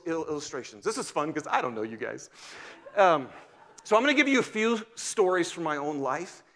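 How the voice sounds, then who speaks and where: A man preaching a sermon in a church, telling stories from his own life with swings between loud bursts and hushed, tender passages. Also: sits high. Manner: animated storytelling, drops to near-whisper in tender moments. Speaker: guest pastor. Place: church sanctuary.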